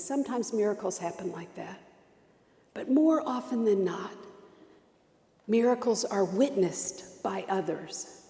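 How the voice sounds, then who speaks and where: A woman's voice: mid-range voice, warm tone, echoey room, big-room sound. A woman pastor preaching a sermon, telling stories with strong emphasis and repetition.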